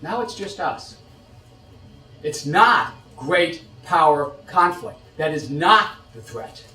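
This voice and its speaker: Man from the United States, middle-aged, lecturing, animated rhetorical questions, slightly higher voice, echoey room. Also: takes it slowly, recorded from a distance. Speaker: policy expert giving a talk. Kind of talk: lecture to an audience.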